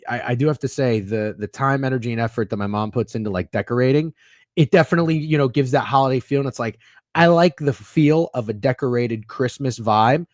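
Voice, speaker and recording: A man in his thirties hosts a sports betting podcast, chatting casually in a rambling, opinionated and profane way while reading live comments. His voice is mid-range, with studio-quality sound and no room sound.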